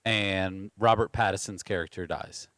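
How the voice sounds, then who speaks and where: A man's voice: deep voice, moderate pace, no echo. Easygoing male podcast host, dry mic. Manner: relaxed, rambling, teasing with lots of fillers. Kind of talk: casual chat.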